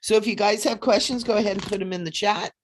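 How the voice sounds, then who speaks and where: A woman hosting a casual psychic livestream, chatty and animated, often laughing as she reads cards. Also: medium pitch, fast, a little hiss or hum. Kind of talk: casual livestream chat with card readings.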